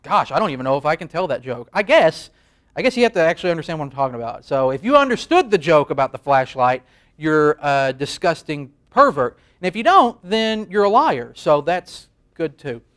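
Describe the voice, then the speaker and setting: Thirties male host, higher voice, loose self-deprecating comic monologue to camera. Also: sing-song, fairly quick, fairly bright tone. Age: 30s. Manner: rambling, self-deprecating, laughs at own jokes. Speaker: late-night show host. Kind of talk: comedic monologue. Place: studio. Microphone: facing a camera.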